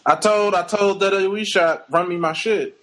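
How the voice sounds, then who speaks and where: High-voiced laid-back man. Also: fairly even intonation, normal speed, bright, forceful tone, slight background noise, low-quality recording. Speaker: podcast co-host. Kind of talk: casual podcast chat.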